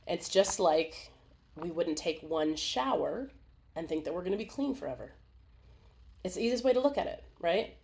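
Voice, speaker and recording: A woman with a fairly low voice hosts a casual live webinar over a video call. She talks in an animated, chatty way, laughing often and slipping into little acted-out voices. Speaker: webinar host.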